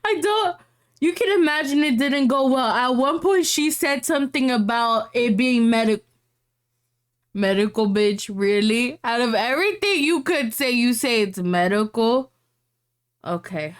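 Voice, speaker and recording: Woman podcast co-host, slightly high-pitched, reads posts and reacts with loud, profane energy. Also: measured pace. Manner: brash, profane, animated reactions. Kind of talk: reading and reacting to online posts.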